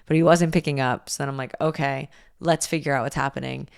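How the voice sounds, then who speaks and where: A young woman hosting a podcast, telling a personal story in a candid, animated way and swearing freely. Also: deep voice, fairly quick, vocal fry, clear, resonant tone, dry recording, clean studio sound. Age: young adult. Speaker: podcast host. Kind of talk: casual storytelling monologue.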